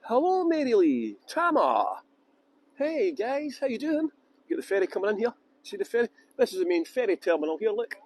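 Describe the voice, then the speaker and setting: A Scottish man with a high-pitched, darkish voice speaks fast with lively intonation. He's live-streaming a casual walking tour outdoors at a harbour ferry terminal, chatty and joking, greeting viewers by name.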